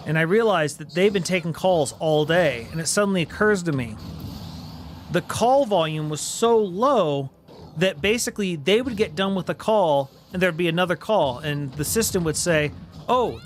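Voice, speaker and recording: A man's voice: sits high, slight background noise. A man hosting a game stream, telling a funny work story casually and acting out the people in it. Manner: animated storyteller, voices the people in his tale. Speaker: streamer host.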